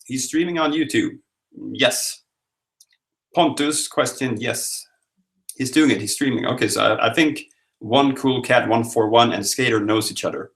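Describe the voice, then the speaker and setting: A man's voice: medium pitch, measured pace, vocal fry, a bit bright. A man from Sweden in his thirties, hosting a live stream from home and chatting jokily with viewers as he reads their comments. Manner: chatty, jokey, rambling. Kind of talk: casual chat reading viewer comments. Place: home room.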